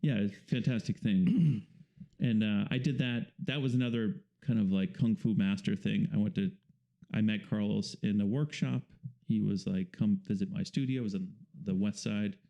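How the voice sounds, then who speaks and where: A man, a painter and the guest, talking casually in an interview and explaining things in a relaxed, rambling way with fillers. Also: lowish voice, normal speed, creaky.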